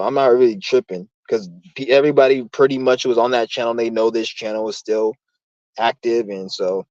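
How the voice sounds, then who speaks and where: A man's voice: fairly low pitch, darkish tone, no room sound, lo-fi sound. A young man hosting his own channel, ranting in a heated, profane, rambling way. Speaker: channel host. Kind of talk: casual rant on a live stream.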